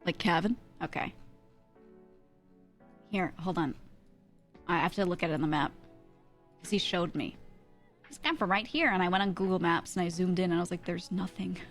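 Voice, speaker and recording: A woman's voice: on the low side, animated, moderate pace, pauses often, faint music behind. An American woman streamer telling a story in casual chat, rambling with lots of fillers and frequent laughter.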